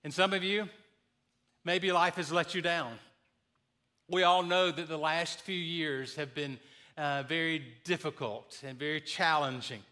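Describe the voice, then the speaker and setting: A man with a high, bright voice delivers a sermon from a church sanctuary. He moves between easy storytelling and emphatic, rising declarations of faith. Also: steady tone, a little slow. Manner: warm storytelling, builds to emphatic preaching. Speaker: pastor. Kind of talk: sermon with jokes.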